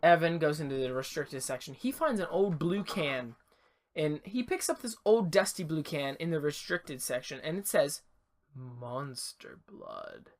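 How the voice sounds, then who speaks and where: A man's voice: fairly high pitch, normal speed. Man rambling through a story retelling. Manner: animated, rambling retelling with restarts and asides. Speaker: podcast co-host. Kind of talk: casual chat, retelling a story. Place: attic.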